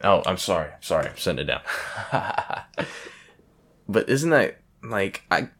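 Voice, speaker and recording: A man's voice: sits low, sing-song, a little slow, very noisy. A young man hosting a podcast, rambling casually with lots of swearing and self-deprecating asides. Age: young adult. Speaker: podcast host. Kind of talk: casual solo podcast chat.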